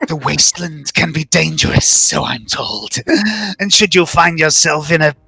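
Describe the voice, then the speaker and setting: A flamboyant inquisitor lord, as a game master puts him on, all booming proclamations that leap high and plunge low. The voice is bright and forceful, sitting dry and close, with faint music underneath. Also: male voice, steady tone, moderate pace, creaky, slightly rough, dry recording, full character voice. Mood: grandiose. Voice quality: booming, swooping theatrical delivery. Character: flamboyant grandiose male inquisitor, theatrical. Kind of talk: tabletop role-play voicing.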